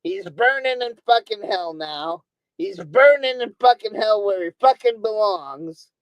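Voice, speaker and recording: A woman with a somewhat high voice rants angrily into a streaming mic, swearing freely and repeating herself over and over. The sound is dry and close, with no room around her. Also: lively intonation, a little slow, dry recording, low-quality recording. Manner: profane, angry, repeats words over and over. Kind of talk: ranting monologue. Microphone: streaming microphone.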